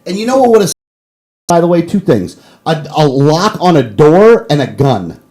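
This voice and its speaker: Male talk host with a mellow, fairly high voice who rants hard and then apologizes. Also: very animated, moderate pace, rough recording. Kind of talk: political talk show.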